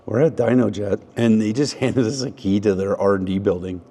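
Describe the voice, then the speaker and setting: A man's voice: lowish voice, steady tone, fairly quick, warm tone, breathy edge. A man hosting a casual shop vlog, joking with his cameraman while he takes an engine apart and explains what he checks. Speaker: mechanic and channel host. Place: company workshop indoors.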